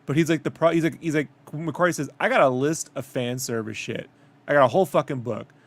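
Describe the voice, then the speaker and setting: A podcast co-host with a fairly high, fairly quick voice chats casually, rambling and swearing as he retells stories. He quotes other people in animated bursts.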